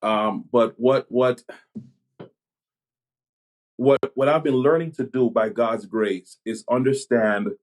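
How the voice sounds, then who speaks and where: A man from Jamaica with a fairly low voice talks as a pastor and police chaplain in a relaxed podcast chat. He thinks aloud, trips over his first words and starts again, and then lands his point with calm conviction. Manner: reflective, halting, many restarts. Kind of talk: podcast conversation.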